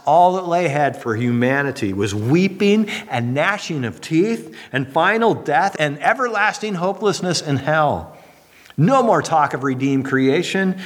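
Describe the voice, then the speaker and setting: Dramatic male preacher in a reverberant hall. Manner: dramatic, rising high for emphasis and dropping low and soft. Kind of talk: sermon. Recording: long reverb of a large hall.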